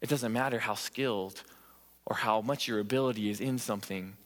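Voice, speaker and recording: A man's voice: on the low side, a little fast, a bit bright. A man preaching a sermon in a church, earnest and emphatic, repeating phrases for stress. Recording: echoey church hall reverb.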